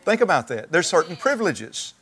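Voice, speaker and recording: A male pastor delivering a sermon in a relaxed, conversational manner, circling back and restarting as he thinks aloud. His voice sits a little higher than most men's. He speaks to his congregation in a church. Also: a little fast, breathy edge. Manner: conversational, folksy preaching with restarts.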